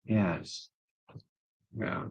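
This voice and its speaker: This Kent man, speaking with a southern English accent, hosts a model railway live stream and talks extremely slowly. He reads viewer comments casually, musing aloud and rambling, trailing off with plenty of ums. The recording is dry.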